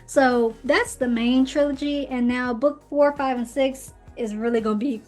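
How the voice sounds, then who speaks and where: A woman hosting her own book podcast, talking in a chatty, opinionated way and tossing in playful asides as she recaps the story. Her voice sits a little high. Soft music plays faintly underneath. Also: fairly even intonation, moderate pace. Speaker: podcast host reviewing books. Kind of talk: casual commentary. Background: faint background music.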